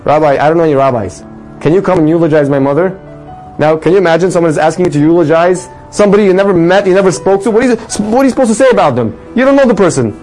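A man telling a religious story with a moral in an animated sermon style, his voice rising for the dramatic lines. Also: fairly high pitch, rapid-fire, faint music behind, low-quality recording. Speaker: storyteller teaching a religious lesson.

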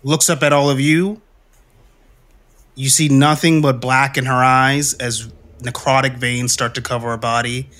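Bright-voiced man running a tabletop game. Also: medium pitch, a little slow. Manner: relaxed storytelling with frequent fillers and laughs. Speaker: game master.

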